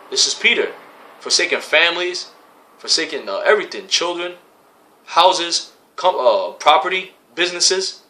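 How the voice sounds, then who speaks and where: A religious camp member delivers casual preaching in a slightly high, expressive, sharp-toned voice at normal speed. Scripture gets reworded into profane slang, and he repeats phrases for emphasis over a faint hiss or hum.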